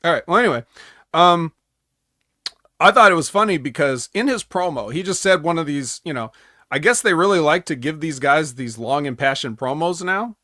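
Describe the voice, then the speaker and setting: A man's voice: fairly high pitch, animated, moderate pace, pushed and bright, no echo, clean studio sound. A man co-hosting a casual wrestling recap podcast, rambling with sarcastic asides. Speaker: podcast co-host.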